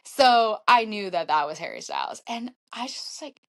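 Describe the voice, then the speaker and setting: A woman in her thirties, a podcast guest telling a story in casual chat, acting out her own quotes with big jumps in pitch. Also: wildly swooping pitch, normal speed, hardly any pauses. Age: 30s. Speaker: podcast guest, marathon runner.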